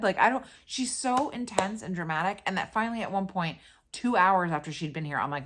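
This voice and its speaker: A tired woman hosting her podcast, telling a story in a blunt, profane, animated way. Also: mid-range voice, fairly quick. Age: adult with a young daughter. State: tired and worn out. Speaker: podcast host. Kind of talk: casual venting monologue.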